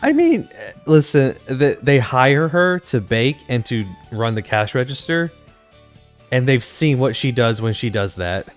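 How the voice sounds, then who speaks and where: A man co-hosting a podcast in casual chat, joking and swearing with quick interjections. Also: medium pitch, very animated, soft background music. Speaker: podcast co-host.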